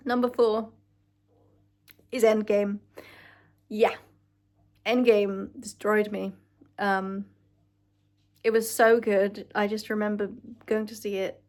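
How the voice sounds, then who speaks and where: A woman's voice: fairly high pitch, fairly even intonation, slow pace, pauses often, a little mellow. A young woman from Britain chatting casually to camera as a vlogger, gushing and emotional, swearing freely. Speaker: vlogger ranking films.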